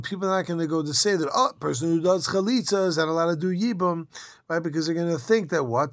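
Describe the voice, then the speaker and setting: Man, talmud lesson, informal quick explaining, higher voice, dry close mic. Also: no echo. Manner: quick, informal, lively explaining with yeshiva slang. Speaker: Talmud teacher. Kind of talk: Talmud lesson, reading and translating.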